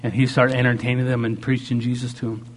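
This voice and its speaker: Male pastor, sermon delivery, husky tone, dramatic swings, acts out quoted voices. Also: mid-range voice, level tone, fast. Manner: preaches with dramatic shifts, acting out quoted voices.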